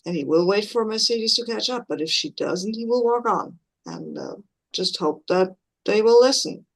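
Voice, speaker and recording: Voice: mid-range voice, lively intonation, moderate pace. A player in a tabletop role-playing game, casually explaining their character's plan with some restarts.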